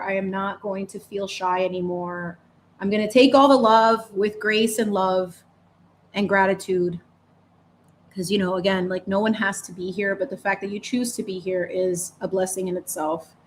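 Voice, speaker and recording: A woman's voice: medium pitch, slight background noise. A young adult woman hosting a live painting stream, chatting casually and expressively while she paints, often laughing and stretching out her words. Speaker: painting livestream host.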